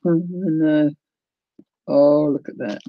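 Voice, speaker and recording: A woman's voice: deep voice, fairly even intonation, slow, dull audio, slight background noise. A woman hosting a casual live crafting unboxing, gushing and tearful as she talks to viewers. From New Zealand. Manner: gushing, emotional, exclaiming. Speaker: crafting livestream host.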